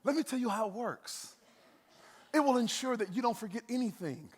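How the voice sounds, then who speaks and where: A man preaching a sermon as a pastor, in a lively, conversational way, with playful asides to the congregation. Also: extremely high pitch, fairly quick, breathy edge. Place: church auditorium. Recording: long hall reverb.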